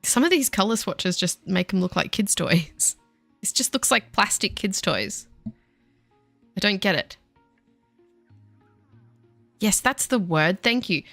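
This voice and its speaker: A woman's voice: mid-range voice, animated, takes it slowly, creaky, long pauses, a bit bright, dry recording, faint music behind. A woman chatting casually with her viewers while she plays, self-deprecating and easily sidetracked. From Australia. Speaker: game streamer. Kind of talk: casual chat while gaming.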